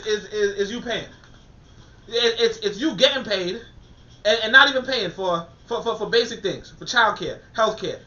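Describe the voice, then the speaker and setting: A man giving a casual spoken commentary in an animated way, restarting phrases and saying "you know" often. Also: high voice, lo-fi sound.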